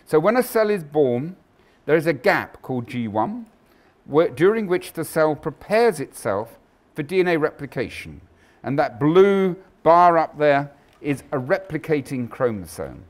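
A man giving a scientific lecture, emphatic and animated, with frequent ums and restarts. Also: fairly high pitch, unhurried. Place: lecture hall.

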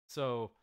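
A young man hosting a live stream, calling the action in a loud, excitable way and laughing often. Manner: yells and laughs at big moves, then mumbles when fixing slides. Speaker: stream host and commentator.

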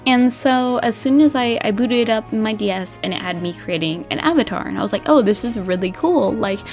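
A young woman vlogger chatting casually about a game, bubbly and animated, laughing often and acting out her old reactions. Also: fairly high pitch, brisk, soft background music. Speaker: gaming vlogger. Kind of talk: casual chat.

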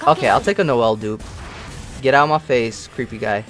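A young man giving casual, slangy commentary while playing a mobile game, excitable and grumbling at his bad luck. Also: medium pitch, brisk, faint music behind.

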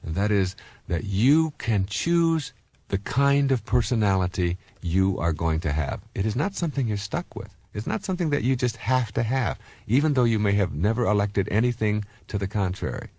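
A deep-voiced man in his fifties gives a self-help lecture and leans on personal anecdotes. He speaks in an animated, swooping way, stumbling through fillers and restarts. The recording is dry and close, with no room sound. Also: moderate pace, breathy edge, no echo.

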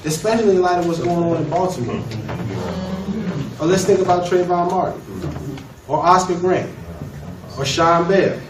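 A man's voice: high-pitched, fairly even intonation, moderate pace, pauses often. A man teaching a law class, lecturing emphatically and putting questions to the students. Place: college classroom. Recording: echoey room from far off, noisy.

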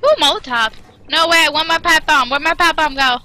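A woman's voice: high-pitched, fairly quick, sharp tone. A woman gamer joking playfully with friends, with a picked-up American-sounding accent. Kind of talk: casual gameplay chat.

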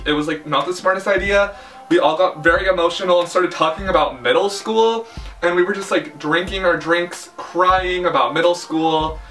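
A man's voice: on the high side, sharp tone, recorded from a distance. A young man telling a dramatic storytime in a chatty way, full of filler words. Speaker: vlogger. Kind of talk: casual storytime.

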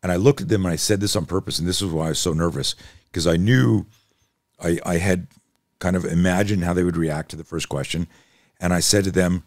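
A man's voice: sits low, fairly quick, a little mellow, no room sound, clean studio sound. A man guesting on a podcast as a self-defense instructor, telling stories in an intense, emphatic way and swearing freely. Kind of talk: animated storytelling in casual conversation.

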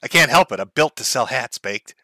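A man's voice: mid-range voice, animated, brisk, pushed and bright, no room sound. A man hosting a live stream, giving sarcastic, mocking commentary and laughing often. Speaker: streamer host.

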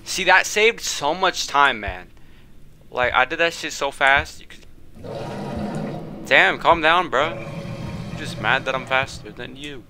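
A man's voice: mid-range voice, expressive, unhurried, long pauses, noisy background. A man doing profane, slang-heavy let's play commentary, mocking the monster and yelping when startled. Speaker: gaming channel host.

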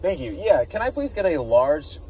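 A man vlogging from inside his car, ranting with animated outbursts and talking into a phone he holds in his hand. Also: a little high, normal speed, slightly rough, distant mic, rough recording. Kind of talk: casual car vlog chat. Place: inside a car at a drive-thru. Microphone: phone held in hand.

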